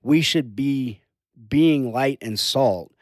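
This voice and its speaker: A man's voice: medium pitch, takes it slowly, dry recording. Earnest male youth pastor, dry sound. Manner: earnest, preaching in a conversational way. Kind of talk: casual conversation.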